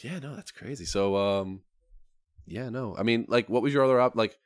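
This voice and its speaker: A man's voice: mid-range voice, moderate pace, no room sound, studio quality. A man guesting on a podcast, chatting casually in an easygoing way, laughing often. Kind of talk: casual chat.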